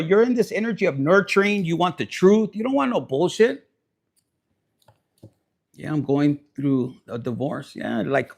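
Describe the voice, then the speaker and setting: High-voiced, blunt, profane man. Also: creaky. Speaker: tarot reader. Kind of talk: casual tarot reading to camera.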